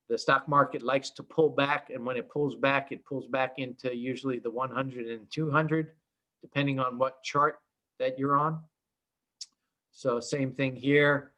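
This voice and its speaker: A man's voice: mid-range voice, a bit bright. A man teaching a live day trading room in a casual, rambling way, with many fillers and restarts. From schooled in Oklahoma. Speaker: trading instructor.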